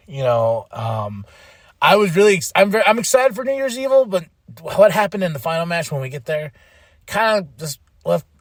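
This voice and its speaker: A man hosting a podcast, giving a casual, animated wrestling recap, chatty with lots of fillers and restarts, acting out quotes in exaggerated voices. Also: medium pitch, no room sound, clean studio sound. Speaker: podcast host.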